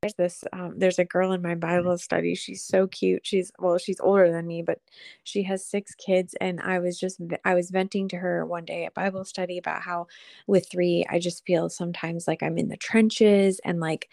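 A woman in her thirties co-hosting a podcast, telling animated stories in a chatty way full of "like". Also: on the low side, moderate pace, gravelly, no room sound, clean studio sound. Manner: animated storyteller, chatty, lots of "like". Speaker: podcast co-host. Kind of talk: casual chat.

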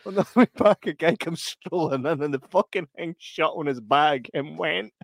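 A man's voice: fairly high pitch, normal speed, vocal fry, dry recording, studio quality. A man co-hosting a casual chat, telling funny stories and breaking into heavy laughter. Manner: laughs heavily while telling anecdotes. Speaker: podcast co-host.

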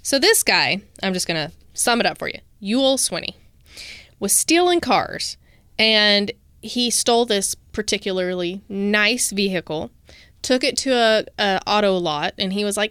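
A woman's voice: medium pitch, expressive, measured pace, fairly bright tone, smooth, no room sound, clean studio sound. A woman co-hosting a podcast, telling a true-crime case from notes and dropping into casual asides. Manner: reads researched notes, breaks into casual asides. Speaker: podcast co-host.

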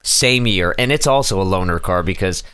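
A man's voice: sits low, normal speed, smooth, no room sound, studio quality. A middle-aged man co-hosting a casual family podcast, telling stories with lots of stammers and restarts. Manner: animated storyteller, frequent stammers and restarts. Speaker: podcast co-host, father.

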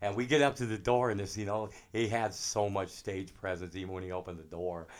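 A middle-aged man, a drummer, telling animated anecdotes in a casual interview. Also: fairly low pitch, brisk. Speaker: drummer guest.

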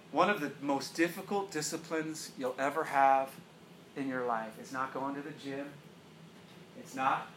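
A middle-aged man preaching a sermon as pastor, animated and joking, often laughing. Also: on the high side. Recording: roomy echo, faint room noise.

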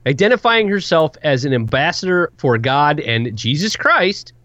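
A man's voice: fairly high pitch, big pitch swings, normal speed, sharp tone, dry recording, lo-fi sound. A man co-hosting a casual podcast, reading a news story aloud with sarcastic asides. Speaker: podcast co-host.

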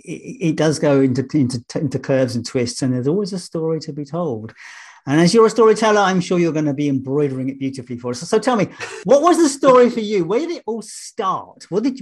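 A male podcast host with a somewhat high voice asks eager questions. He stumbles often and repeats words as he searches for his phrasing. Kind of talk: casual interview chat.

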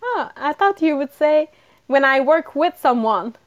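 Slow, giggly high-voiced woman. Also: animated, lo-fi sound. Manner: giggly, reads questions from a list. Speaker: podcast co-host asking questions. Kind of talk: casual podcast Q&A.

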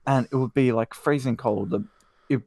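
A young man co-hosting a casual podcast, with a gravelly, creaky edge to his voice. He recorded it dry and close to the mic. He builds jokey rants with mock outrage. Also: medium pitch, steady tone, moderate pace, darkish tone, no room sound. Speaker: podcast co-host.

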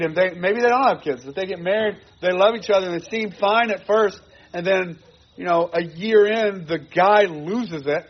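A man's voice: high-pitched, husky, muffled recording. A man preaching a sermon to his congregation, earnest and repeating phrases for emphasis. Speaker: pastor.

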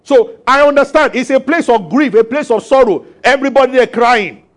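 A man preaching a sermon as pastor, animated and acting out voices. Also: very high-pitched, a little fast. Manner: animated, acts out voices and laughs with the congregation.

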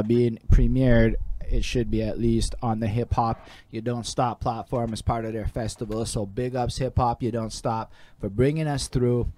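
A man's voice: medium pitch, dark tone. A man hosting an interview show from his home, talking loose and profane with plenty of slang. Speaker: host. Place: home room.

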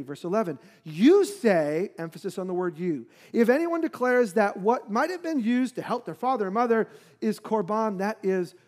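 Male pastor, higher voice, relaxed conversational sermon delivery, explains verses plainly. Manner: explanatory, conversational teaching with fillers.

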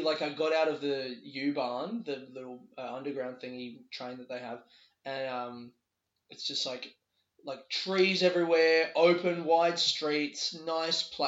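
A man hosting a casual solo podcast, telling a rambling, sweary story with quick laughs from a bedroom. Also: fairly high pitch, a bit bright. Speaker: podcast host. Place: a bedroom in a borrowed house. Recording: echoey room, dull lo-fi sound.

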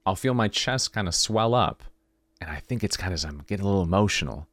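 A man's voice: low-pitched, fast, dry recording. A man hosting a podcast, talking through a reflective late-night monologue and acting out the conversations he describes. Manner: animated storyteller, acting out dialogue. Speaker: podcast host.

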